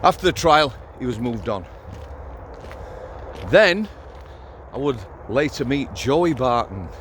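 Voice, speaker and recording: A middle-aged ex-prison officer who hosts a channel tells blunt, sweary stories outdoors, with faint street noise behind him. His medium-pitched voice is fairly bright, swings widely in pitch, and moves at a slow pace in this casual vlog.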